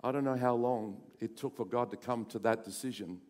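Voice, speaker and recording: A male pastor preaching a sermon, building to loud emphatic runs and then dropping to hushed, intense passages. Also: mid-range voice, brisk. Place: church sanctuary. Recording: church hall reverb.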